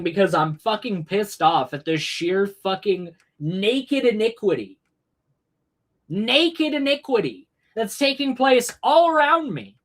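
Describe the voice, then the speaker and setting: A woman's voice: mid-range voice, big pitch swings, slow, a bit bright. A woman hosting a livestream, delivering an angry, profane, emphatic political rant. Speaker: livestream host. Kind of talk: ranting political commentary.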